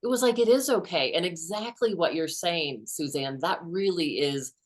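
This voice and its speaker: Middle-aged woman author telling family stories on a podcast, fairly low voice, lively. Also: moderate pace. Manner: warm, animated storyteller acting out quotes. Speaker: author and guest. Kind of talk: conversational interview storytelling.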